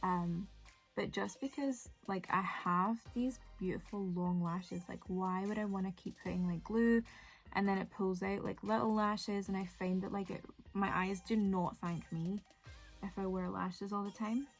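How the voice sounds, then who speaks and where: A woman's voice: mid-range voice, fairly even intonation, measured pace, faint music behind. Chatty young woman vlogging. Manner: chatty, rambling, lots of "like" fillers. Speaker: beauty vlogger. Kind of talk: casual make-up tutorial chat.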